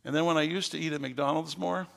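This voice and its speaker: An older man, a pastor with a gravelly voice, preaching a sermon with folksy stories that rise into fervent preaching. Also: a little high, steady tone, fast, fairly bright tone, big-room sound.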